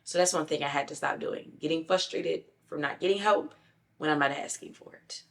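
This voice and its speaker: A woman's voice: low voice, a little fast, vocal fry. Candid young woman vlogger, emphatic. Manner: candid, emphatic, talks straight to viewers. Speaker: lifestyle vlogger. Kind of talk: casual advice vlog.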